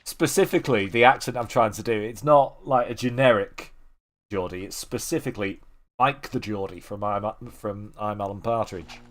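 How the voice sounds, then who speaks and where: A man streaming a video game, chatting casually to his viewers, swearing, joking at his own expense and thinking out loud. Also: fairly low pitch, normal speed. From Manchester area, England. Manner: self-deprecating, swears freely, thinks aloud. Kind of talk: casual rambling commentary while gaming.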